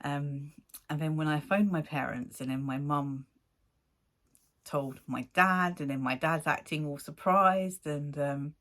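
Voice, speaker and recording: Woman in her 40s, low voice, rambly chatty storytelling, laughs a lot. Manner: rambling, animated, laughs often, acts out quotes. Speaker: vlogger. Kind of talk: casual storytelling to camera.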